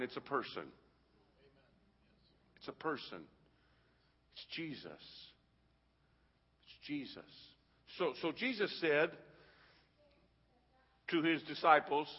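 A man preaching a sermon to a congregation, in a rhythmic, repetitive style that builds to loud peaks. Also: on the high side, breathy edge, big-room sound, dull audio. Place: large hall with a congregation.

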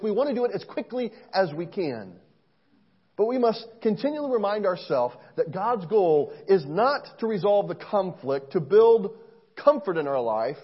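A man preaching a sermon in an earnest, storytelling way, swinging between soft asides and loud emphasis. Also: high-pitched, husky, dull audio. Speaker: pastor.

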